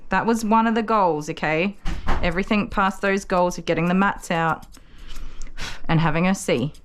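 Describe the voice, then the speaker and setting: A woman working as a dog groomer, chatting to viewers and explaining each step as she works, with soft cooing asides to a puppy. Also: lowish voice, moderate pace, slight background noise. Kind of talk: casual vlog narration while working.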